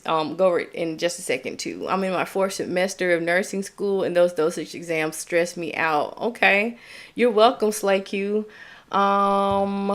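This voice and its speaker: A young woman with a Southern US accent, tutoring nursing students on a live stream, chatty and upbeat, reading chat comments and checking in with "okay?". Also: lowish voice. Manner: upbeat, chatty, drawn-out explaining with frequent "okay?".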